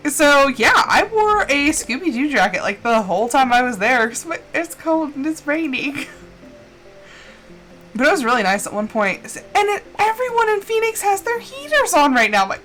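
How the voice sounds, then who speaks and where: A woman chats through a gaming stream in a rambling, playfully dramatic way, full of fillers. Her voice sits a little high and swings widely in pitch. Soft music plays faintly underneath. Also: big pitch swings, moderate pace. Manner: rambling, chatty storytelling with frequent fillers. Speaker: livestreamer playing a farming game. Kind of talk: casual chat while gaming.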